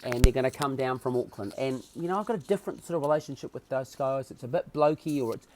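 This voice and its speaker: A man's voice: mid-range voice, quick pace. A man with a New Zealand accent, a podcast guest telling a story and acting out the dialogue. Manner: acts out dialogue with lively swings in voice. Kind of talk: animated storytelling.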